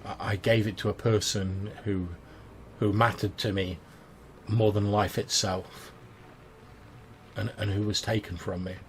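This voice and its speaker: Breathy dream woman, soft and pleading, as a man puts her on. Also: fairly low pitch, little pitch movement, measured pace, slight background noise.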